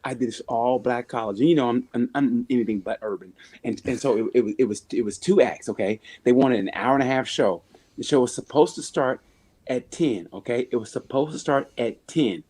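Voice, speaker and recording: A man's voice: medium pitch, fairly quick, a little mellow, breathy edge. A man, a comedian, telling a bad-gig story in casual, profane chat, often repeating words as he goes. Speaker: comedian guest. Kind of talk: casual chat on a video call.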